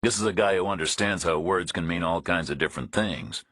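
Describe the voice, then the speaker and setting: A tough, blunt male hero speaks in a flat, matter-of-fact way, voiced by a male narrator. His voice is extremely deep and husky. The sound is dry and close-miked. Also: fairly quick, no echo. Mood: threatening. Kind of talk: audiobook character voice.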